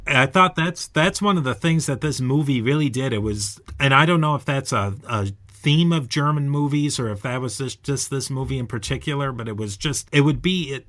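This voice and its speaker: A man's voice: medium pitch, moderate pace, hardly any pauses, fairly bright tone. A man hosting a podcast, talking over a film in a thoughtful, conversational way. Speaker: podcast host. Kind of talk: conversational discussion.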